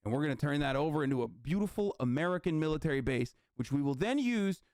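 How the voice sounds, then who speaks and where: A man's voice: a little high, animated, fast talker, a little mellow, no echo. Profane, fired-up male political streamer. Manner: profane, emphatic, sarcastic. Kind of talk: heated political commentary.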